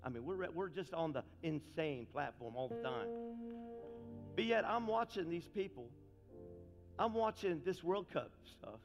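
A man preaching a sermon as pastor, talking fast and frankly, then building into impassioned, fiery calls to his congregation. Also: sits high. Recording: long reverb with faint music.

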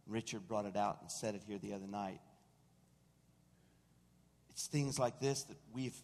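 A man preaching a sermon as senior pastor, telling stories with animated asides and acting out what people said. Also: lowish voice. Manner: storytelling, animated, mimics quoted voices. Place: church sanctuary. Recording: long reverb of a large room.

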